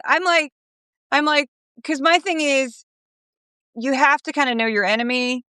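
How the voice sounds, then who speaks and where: A woman guest in a remote interview, telling stories in a lively, animated way and mimicking other people's lines. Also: high-pitched, moderate pace, pauses often, dry recording. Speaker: guest commentator. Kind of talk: casual interview chat.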